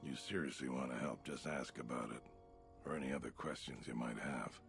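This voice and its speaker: An actor playing a gruff, blunt, middle-aged male militia captain in a video game, with a gravelly voice and a terse, world-weary manner. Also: extremely low pitch, a little fast, a bit bright, heavily acted. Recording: game audio with faint music.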